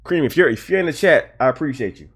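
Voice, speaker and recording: A man's voice: on the high side, animated, fast, slightly rough. A man hosting a livestream, ranting about a video game in a heated, repetitive way and swearing often. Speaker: livestream host. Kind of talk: casual livestream rant.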